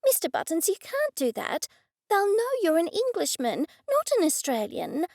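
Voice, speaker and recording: A woman's voice: extremely high pitch, huge pitch swings, moderate pace, a little mellow, no echo, studio quality, pitched above the performer's own voice, heavily acted. A woman reading an audiobook, voicing a bossy, determined female friend who insists. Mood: insistent.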